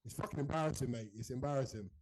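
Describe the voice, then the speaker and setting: A man's voice: medium pitch, rapid-fire, darkish tone, poor audio. A man in casual podcast chat, telling stories animatedly and swearing freely. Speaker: podcast host.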